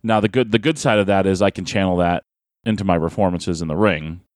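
A man's voice: low-pitched, fast, no room sound. Man, wrestler type, casual podcast storyteller, laughs a lot, dry close mic. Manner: animated storyteller, laughs often, acts out voices. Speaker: pro wrestler, podcast guest.

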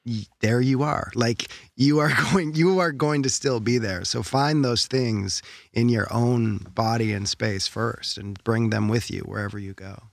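A man co-hosting an advice show, playful and quick with jokes. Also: medium pitch, vocal fry, no room sound, clean studio sound. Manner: playful, quipping. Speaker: podcast co-host. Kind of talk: casual advice chat.

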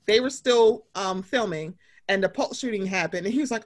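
A woman hosting a casual podcast chat, animated, blunt and freely profane. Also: mid-range voice, normal speed. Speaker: podcast host.

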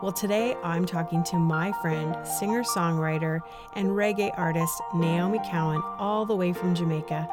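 A woman hosting a podcast, an enthusiastic and affirming life coach interviewing a guest in a conversational way. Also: lowish voice. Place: Toronto.

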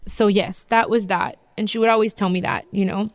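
A woman's voice: mid-range voice, fairly even intonation, brisk, few pauses, dry recording, studio quality. Heartfelt woman, candid personal story. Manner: heartfelt, emotional and open. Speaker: vlogger sharing personal story.

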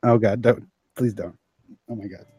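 A man's voice: fairly low pitch, steady tone, mellow, slightly rough, dry recording. A man hosting a live podcast stream, chatting casually and jokily with lots of fillers and restarts. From Canada. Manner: rambling, jokey, halting with many fillers. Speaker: livestream podcast host.

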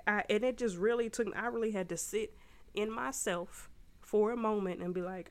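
A woman's voice: mid-range voice, moderate pace. A young adult woman hosting a faith podcast for moms, telling a personal story in a chatty, slangy way. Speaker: podcast host. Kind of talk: casual faith talk.

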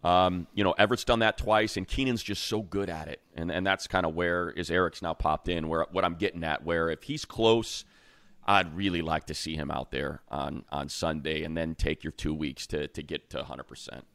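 Deep-voiced man in opinionated sports chat. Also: moderate pace, no room sound. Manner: opinionated, heats up into animated rants. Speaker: co-host. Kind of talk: casual sports talk.

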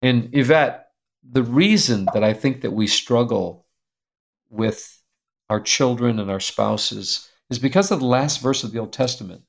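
An older man with a gravelly, fry-edged voice speaks as an interview guest. He tells a family story in an animated, self-mocking way, breaking into laughter and reading old letters aloud in a mid-range voice. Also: mid-range voice, unhurried.

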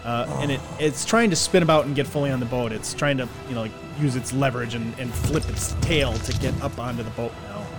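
A man narrating a tabletop game as game master, relaxed and descriptive. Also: mid-range voice, brisk, hardly any pauses. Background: music.

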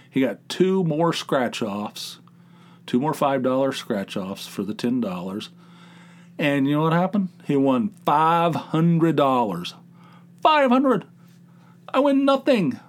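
A man in the middle of his range hosts a solo podcast episode. He tells an everyday story in a loose, rambling way, full of restarts, and his exasperation bursts into loud, high outbursts. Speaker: podcast host. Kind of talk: casual storytelling monologue.

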